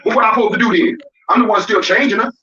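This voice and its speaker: A man's voice: high-pitched, racing, sharp tone. A man in a played clip complaining and rambling, repeating himself about changing diapers. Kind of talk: complaining casual talk. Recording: echoey, distant, lo-fi clip.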